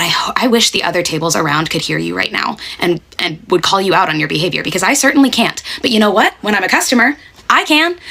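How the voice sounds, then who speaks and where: Fast, bright-voiced sweary woman ranting. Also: mid-range voice. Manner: blunt, sweary, emphatic, keeps asking "okay?". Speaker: restaurant server telling a story. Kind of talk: casual storytelling rant.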